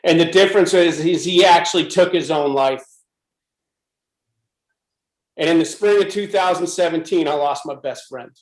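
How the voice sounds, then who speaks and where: A middle-aged man from the USA gives a frank, emphatic personal testimony. His voice sits high for a man. The recording carries a noticeable room echo. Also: fairly quick. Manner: intense, emphatic storytelling. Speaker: speaker at a club presentation.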